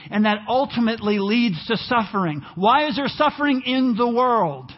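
A man preaching a sermon in church, animated and at times rising almost to a shout. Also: very high-pitched, normal speed, hardly any pauses, slightly rough, highs cut off. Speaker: pastor.

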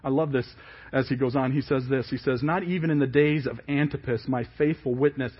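A man preaching a sermon, emphatic and falling quiet at the ends of phrases. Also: medium pitch, steady tone, fairly quick, breathy edge. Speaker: pastor. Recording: dull lo-fi church service audio.

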